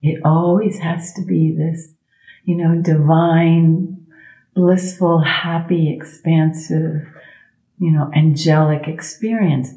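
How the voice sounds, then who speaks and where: A middle-aged woman, a sound healer speaking as a guest in a conversational interview, expressive and emphatic, leaning on slow repetitions. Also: low-pitched, reverberant. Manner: expressive, acts out inner thoughts in quoted voices.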